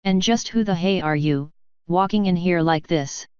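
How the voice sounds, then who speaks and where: Arrogant sneering stallion sergeant, read by a woman; lowish voice, dry close recording. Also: moderate pace, a little mellow, smooth, no echo, close to an everyday voice. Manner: sneering, dismissive. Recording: dry, slightly muffled.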